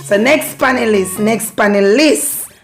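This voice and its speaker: A playful Jamaican woman hosts a casual lesson on patois, laughing easily and rolling through lilting phrases. Her voice sits a little higher than most women's, with clear background music playing under her talk. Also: measured pace. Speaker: channel host teaching patois.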